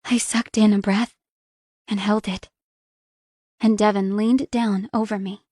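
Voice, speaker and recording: A young adult woman narrating a first-person romance audiobook in a soft, intimate reading. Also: mid-range voice, little pitch movement, a little slow, no room sound, studio quality.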